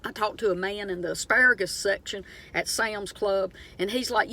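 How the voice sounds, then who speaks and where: A woman's voice: mid-range voice, normal speed, few pauses. A middle-aged woman with a Southern US accent, telling stories and preaching earnestly to her viewers in a casual monologue full of fillers. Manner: earnest, preachy, animated storytelling with many fillers. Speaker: vlogger.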